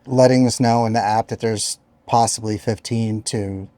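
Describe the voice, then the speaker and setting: A man co-hosting a podcast in casual chat, relaxed and profane, often trailing off softly. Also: on the low side, normal speed, no room sound. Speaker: podcast co-host.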